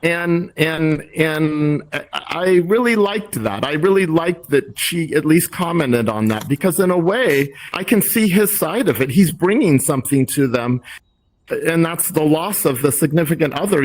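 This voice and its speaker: A man's voice: fairly high pitch, lively intonation, moderate pace. A middle-aged man talking in a casual group discussion, thoughtful and rambling with many restarts. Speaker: discussion host.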